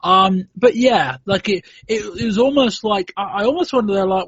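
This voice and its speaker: A man with a high, husky voice hosting a casual podcast chat, weighing his points aloud with plenty of "um"s and false starts. The sound is dry and dull, like lo-fi podcast audio. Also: moderate pace, hardly any pauses, fairly bright tone, no room sound. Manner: thoughtful, hedging with frequent "um" and restarts. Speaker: podcast host.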